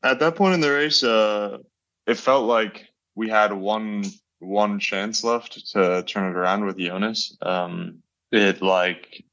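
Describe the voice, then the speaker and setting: A young man from the United States, a cyclist guest on a podcast, relaxed and hesitant with many fillers. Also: on the low side, slow, dry recording, dull audio. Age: young adult. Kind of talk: casual podcast interview.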